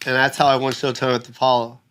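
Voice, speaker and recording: An animated man spins a story in casual podcast chat, pitch sitting in an ordinary middle range. He acts out the people he quotes in raised voices and keeps checking in with "right?". Fillers and restarts run through his talk. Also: quick pace, smooth. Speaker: comedian guest telling a story.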